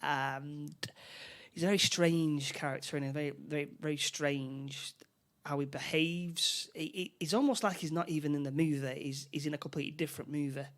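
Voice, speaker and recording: A man's voice: fairly high pitch, steady tone, moderate pace, fairly bright tone. A man co-hosting a casual film podcast, rambling through the plot with many repeated words and restarts. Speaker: podcast co-host.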